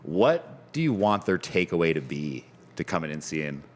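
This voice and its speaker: A man's voice: sits low, big pitch swings, normal speed, big-room sound. A man hosting a podcast in a pub's back bar, easygoing and asking open questions in casual chat. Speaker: podcast host.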